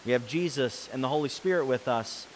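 A man preaching a sermon, reading scripture and explaining it, who swings between loud, forceful passages and soft, quiet ones. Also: mid-range voice, a little fast, slight background noise, rough recording.

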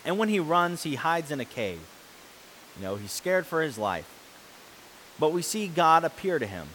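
A man preaching a sermon, reading scripture and explaining it, who swings between loud, forceful passages and soft, quiet ones. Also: on the high side, big pitch swings, normal speed, slight background noise, poor audio.

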